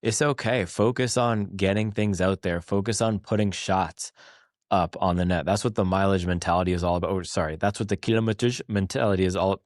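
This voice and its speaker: An American man hosting a podcast, giving casual motivational advice with energy and quick self-corrections. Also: sits low, dry recording, studio quality. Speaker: podcast host. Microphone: small wireless clip-on mic.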